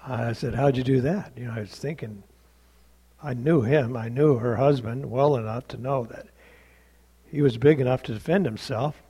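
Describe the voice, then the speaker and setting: A male pastor tells a story from the pulpit in a plain, conversational way, acting out both sides of the dialogue. His voice is gravelly and husky at a medium pitch. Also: normal speed, dark tone. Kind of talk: storytelling sermon.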